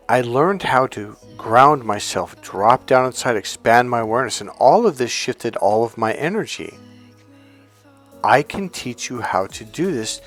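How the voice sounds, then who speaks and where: A man speaking as a life coach in a calm, soothing, unhurried self-help talk to his viewers. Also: mid-range voice, soft background music. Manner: addresses viewers directly as coach.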